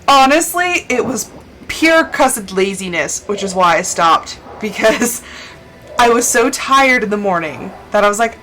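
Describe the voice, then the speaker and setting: A woman's voice: medium pitch, unhurried, fairly bright tone. A young woman streaming a game, chatting and telling stories casually and laughing often. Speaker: live streamer. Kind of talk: casual chat while gaming. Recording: background noise.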